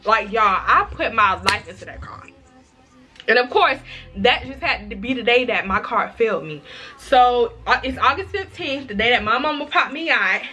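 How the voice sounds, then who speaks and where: A young woman chatting through a casual storytime vlog, dramatic and expressive, often calling her viewers y'all. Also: on the high side. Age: young adult. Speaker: vlogger.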